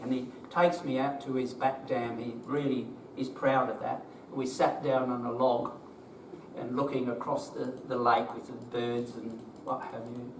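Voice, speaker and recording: Speaking to a group with an Australian accent, an older man who owns a business shares his story in an emotional, plain-spoken way and poses rhetorical questions. His voice is medium-pitched, and the roomy, distant recording carries slight background noise and faint ambience.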